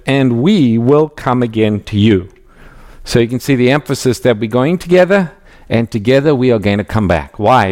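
A man giving an expository Bible teaching in a measured, emphatic way, reading scripture aloud as he goes. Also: mid-range voice.

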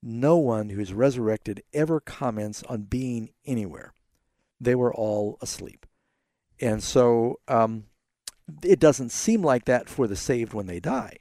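A man's voice: mid-range voice, slow pace, no room sound. A man hosting a call-in radio Bible program, explaining scripture earnestly to callers. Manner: earnest, explanatory, quotes scripture in animated bursts.

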